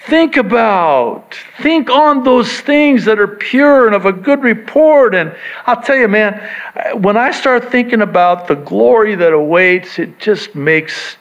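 A man preaching a sermon to his church, swinging from hushed reflection to excited emphasis, with joking asides. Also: mid-range voice. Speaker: pastor. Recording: dull lo-fi sound.

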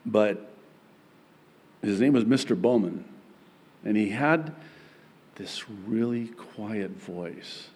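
Male pastor preaching slow and earnest, kinda husky, lowish voice. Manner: earnest preaching that swings between soft and emphatic. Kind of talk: sermon.

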